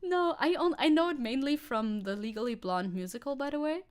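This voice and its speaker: A young woman from Germany hosts a casual livestream with a somewhat high voice. She talks loosely and laughs often. Her pitch leaps up sharply whenever she gets excited. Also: fairly quick. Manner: chatty, laughs often, reads chat aloud, jumps high when excited. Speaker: VTuber streamer.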